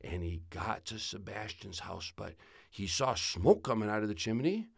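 A man telling a children's story aloud in a folksy, drawn-out way. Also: on the low side, animated, gravelly, husky, no echo, studio quality.

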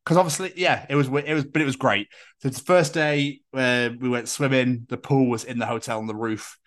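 British male podcast host, jokey storyteller, mid pitch. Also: steady tone, fairly quick. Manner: rambling, jokey, swears a lot. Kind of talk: casual podcast chat.

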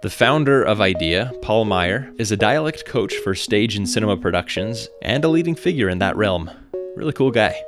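A man's voice: lowish voice, animated, normal speed, music in the background. American guy doing his podcast script, dry little jokes tossed in, tunes playing under him. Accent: General American. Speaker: podcast host.

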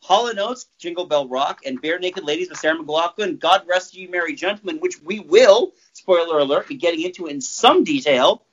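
A man's voice: fairly high pitch, moderate pace, few pauses. A man hosting a podcast in loose, jokey casual chat, rambling with many fillers. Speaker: podcast host. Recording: muffled lo-fi sound.

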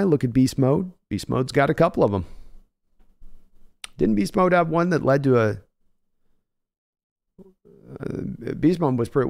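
A man hosting a casual live stream, reading viewer messages aloud and thinking out loud with frequent restarts. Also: mid-range voice, smooth. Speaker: host of a fan sports livestream.

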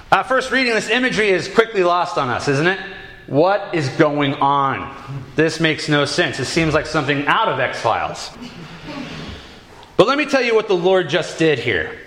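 A man preaching a sermon, telling stories with dramatic pauses. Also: fairly high pitch, fairly bright tone, echoey room. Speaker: pastor.

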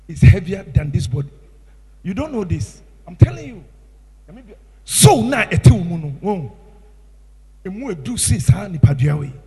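A man with a Ghanaian English accent preaching a sermon as pastor, impassioned, swinging from hushed tones to shouts. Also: high-pitched, slightly rough, long reverb tail.

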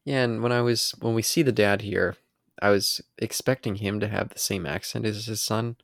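Low gravelly man chatting about a film. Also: steady tone, moderate pace, a bit bright, dry recording, clean studio sound. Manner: hesitant, thinks aloud with fillers. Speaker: podcast co-host. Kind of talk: casual film commentary chat.

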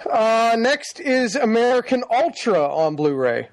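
A man's voice: extremely high pitch, big pitch swings, a little slow, dry recording. A man co-hosting a casual chat about new movie releases, running through the list with wry, dry humor. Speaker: podcast co-host reading release list.

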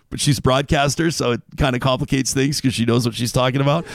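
A man, co-hosting a talk show in casual chat, animated and enthusiastic, with leaps in pitch. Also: fast, creaky, few pauses, dry recording, clean studio sound. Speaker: radio show co-host. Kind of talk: casual chat with read ads.

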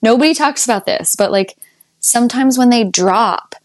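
A young adult woman tells her birth story to a podcast host in a casual, chatty way. She laughs often, and her voice leaps up high whenever she quotes herself. The sound is dry, with almost no room in it. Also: moderate pace, no room sound. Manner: animated, laughs often, jumps up high when quoting herself.

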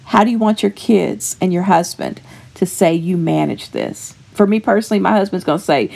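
Fields: Sex: woman. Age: 50s. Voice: gravelly. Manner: earnest devotional talk. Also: on the low side, expressive, normal speed, a little mellow. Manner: earnest and homey, with frequent fillers and restarts. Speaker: Christian devotional podcast host. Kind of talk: casual faith encouragement talk.

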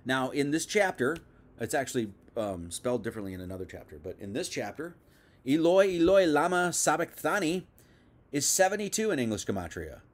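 A man's voice: medium pitch, very animated, fast. A young man giving a casual, conversational Bible teaching, full of asides and restarts. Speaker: preacher.

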